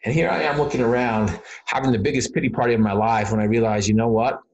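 A man's voice: mid-range voice, steady tone, fast, highs cut off. Guy in an interview telling his own story, earnest and emotional, keeps repeating himself, lots of "you know". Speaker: interview guest. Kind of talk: personal story told in an interview.

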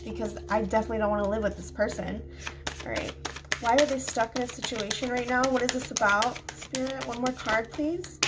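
A woman with a slight lisp does a casual tarot reading on her phone, musing aloud as she draws cards. Her voice is fairly high, and the recording is very noisy.

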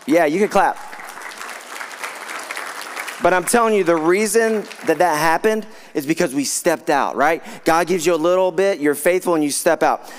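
Fired-up high-voiced male preacher. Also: normal speed, a faint crowd. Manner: fired up, exclaiming and storytelling. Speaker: guest preacher. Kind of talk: sermon to a live congregation.

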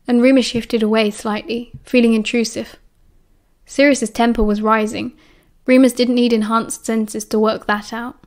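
A woman's voice: fairly high pitch, flat delivery, moderate pace. A woman with a British accent reading an audiobook chapter aloud, shifting her voice for the characters. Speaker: audiobook narrator.

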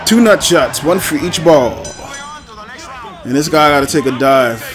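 A man giving casual, jokey commentary while playing a video game, breaking into loud outbursts. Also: on the high side, animated, unhurried, music in the background. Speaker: gameplay commentator. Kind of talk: casual let's-play commentary.

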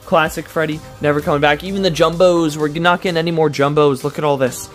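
Chatty higher-voiced man reviewing toys. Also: steady tone, fast talker, soft background music. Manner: rambling with many fillers and restarts; gushing then letdown and complaining. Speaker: toy reviewer. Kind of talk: casual unboxing review.

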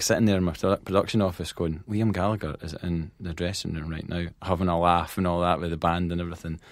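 Sitting low in pitch, a Scottish man who manages a band chats casually on a podcast, acting out quotes and laughing often as he tells lively anecdotes. There's no echo.

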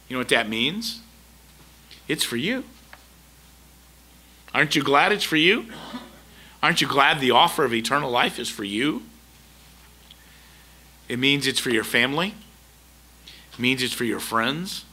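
A middle-aged man preaches from the pulpit in a very bright, forceful voice. He drives his points home with repeated rhetorical questions and an earnest, emphatic delivery. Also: medium pitch, husky. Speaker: pastor. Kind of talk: sermon. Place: church sanctuary.

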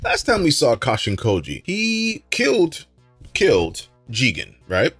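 A man hosting a casual manga read-through and reaction, excitable and slangy, laughing often. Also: on the low side, normal speed, slightly rough, faint music behind. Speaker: manga reaction show host.

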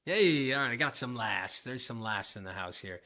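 Gravelly, chatty male guitar teacher. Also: medium pitch, expressive, normal speed, bright, forceful tone. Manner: chatty, rambling, self-deprecating. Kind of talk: casual livestream guitar lesson.

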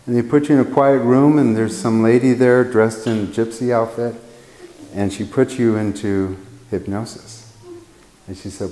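A man's voice: medium pitch, normal speed, mellow. A man teaching painting in a casual, rambling way, telling anecdotes and acting out the quotes. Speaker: painting instructor. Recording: roomy hall reverb.

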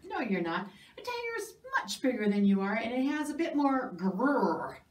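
A woman's voice: fairly high pitch, big pitch swings, normal speed. A woman voicing a bossy, hungry crocodile from a picture book who scolds and talks down to others, recorded in a roomy space from a distance. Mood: scoffing. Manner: scolding, know-it-all. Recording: roomy sound from a distant mic.

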